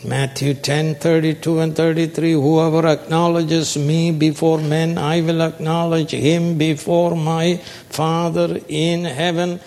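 Slow gravelly preacher in a hall. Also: male voice, on the high side, level tone, a little mellow. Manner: call-and-response, prompting the audience with "what, sir?"; slow, emphatic, stretches key words. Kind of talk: sermon. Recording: long hall reverb.

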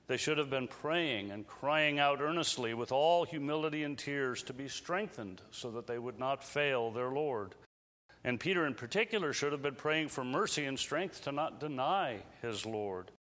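A man's voice: medium pitch, fairly bright tone. Earnest male preacher in a reverberant hall. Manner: earnest, measured preaching with slow emphatic phrases. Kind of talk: sermon. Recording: long reverb of a large hall.

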